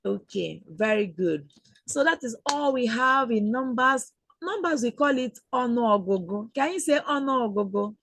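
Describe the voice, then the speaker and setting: A woman teaching an online language lesson, speaking slowly and patiently and repeating words for learners. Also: a little high, dry recording. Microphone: video call.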